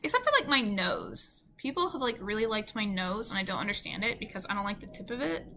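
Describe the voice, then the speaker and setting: A woman's voice: medium pitch, sing-song, fast talker, vocal fry, noisy background. A woman with a Southern US accent telling a casual storytime to her camera, chatty and full of "like" and "you know.". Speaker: beauty vlogger.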